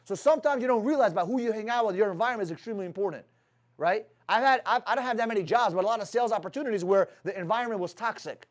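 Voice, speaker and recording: Fast-talking, blunt, swearing sales boss. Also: male voice, high-pitched. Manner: blunt, heavy swearing, rhetorical questions. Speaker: sales team leader. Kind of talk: motivational talk to his team.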